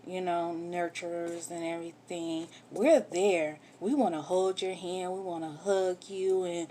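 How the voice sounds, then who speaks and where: A woman's voice: on the low side, flat delivery, a little slow, few pauses, warm tone, slight background noise. A woman candidly telling a personal story in a vlog, getting emotional and swearing when upset. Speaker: vlogger telling her own story.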